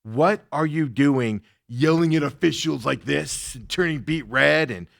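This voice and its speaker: A man hosting a sports talk show, ranting casually, laughing often and mocking people with quick impressions. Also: a little high, creaky, fairly bright tone, dry recording, clean studio sound.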